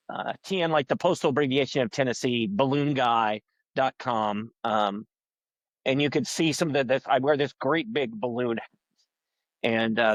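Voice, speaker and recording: Middle-aged comic, chatty and rambling, does voices for people in his stories; flat, dead-sounding mic. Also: mid-range voice, no room sound, highs cut off. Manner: rambling, animated storyteller who acts out quoted people in a raised voice. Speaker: guest comedian and balloon artist. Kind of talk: casual podcast interview.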